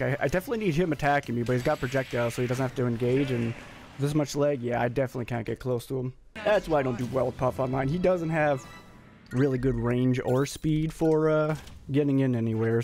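A man with a raspy voice giving excitable, jokey live commentary as he plays, breaking into sudden yelps. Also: mid-range voice. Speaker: streamer.

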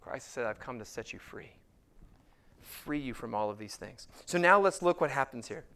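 A man preaches a sermon from the pulpit. His voice is smooth and clear, sitting at a middle pitch. He slows down and presses on the scripture he quotes. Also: expressive, pushed and bright. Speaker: pastor.

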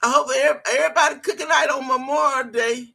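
A woman's voice: high-pitched, steady tone, quick pace, vocal fry. A woman in her sixties hosting a casual live stream, chatting loosely, laughing and teasing her viewers. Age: 60s. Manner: loud, laughing, teasing commentary; chatty, colloquial, swears freely. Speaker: livestream host reading chat.

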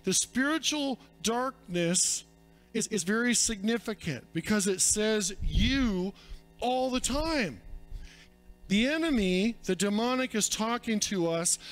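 High-voiced preaching pastor. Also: male voice, lively intonation, measured pace, a bit bright, soft background music. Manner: earnest, direct, preaching to the congregation. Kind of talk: sermon.

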